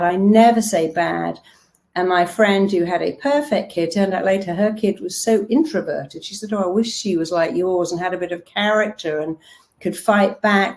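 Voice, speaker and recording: A woman's voice: fairly low pitch, darkish tone. A middle-aged woman therapist giving a motivational talk, telling stories with animation and acting out the voices she quotes.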